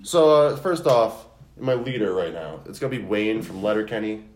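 A man's voice: on the low side, normal speed. Young guy, casual podcast chatter, rambles and laughs, roomy echo. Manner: rambling, animated, laughs often. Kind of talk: casual chat. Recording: echoey room.

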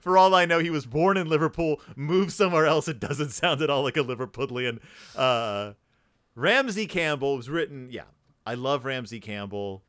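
A man's voice: mid-range voice, normal speed, fairly bright tone, no echo. A man co-hosting a podcast, chatting casually about books in a rambling, playful, joking way. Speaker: podcast co-host. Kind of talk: casual book chat.

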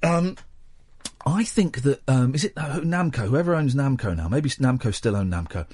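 Animated radio host, lively pitch. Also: male voice, moderate pace, a little hiss or hum. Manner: playful, animated, jumps between topics. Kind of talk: casual radio chat.

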